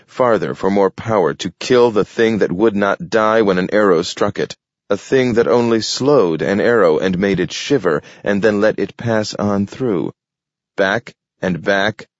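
A man with a low-sitting voice narrates an audiobook story, his scripted delivery measured and steady, captured in a dull, lo-fi, dry recording.

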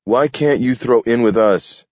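A man playing a determined grown man who speaks briskly and insistently. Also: mid-range voice, darkish tone, dry recording, lo-fi sound, voice pushed up, lightly acted. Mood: earnest.

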